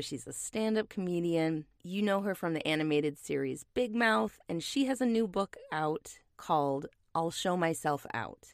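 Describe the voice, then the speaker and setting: A woman introduces a podcast episode in a low, gravelly voice, speaking softly and reassuringly. The sound is dry and close to the mic. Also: no room sound. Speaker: podcast host.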